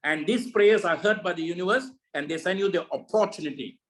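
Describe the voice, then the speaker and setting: A man's voice: sits high, brisk, poor audio. A man leading a network marketing meeting over a video call, giving a preachy motivational talk full of repeated rhetorical questions.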